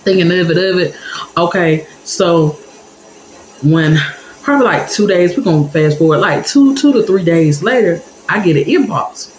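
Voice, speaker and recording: A woman's voice: fairly low pitch, moderate pace, reverberant, low-quality recording. A woman telling a personal story to her viewers in a chatty, casual way, talking straight to them. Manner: animated, chatty, addresses viewers directly.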